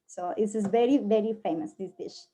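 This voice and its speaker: A woman with a Colombian Spanish accent talks through a casual presentation, stopping often to hunt for the right word. Her voice is mellow and dark-toned, set at a middle pitch. She sounds like someone speaking her second language. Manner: halting, many fillers, searching for words. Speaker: guest presenter.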